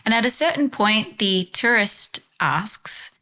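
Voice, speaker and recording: A woman's voice: medium pitch, expressive, takes it slowly, bright, forceful tone. An Australian woman giving a thoughtful, earnest talk and telling stories. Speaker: speaker, mindfulness teacher. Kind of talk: reflective talk with storytelling.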